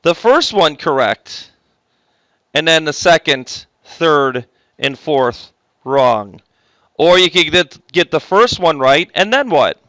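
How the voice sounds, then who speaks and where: A man's voice: a little high, sing-song, takes it slowly, a bit bright, no room sound. A man teaching math to a class, joking with the students and stopping often to correct himself. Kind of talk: classroom lecture.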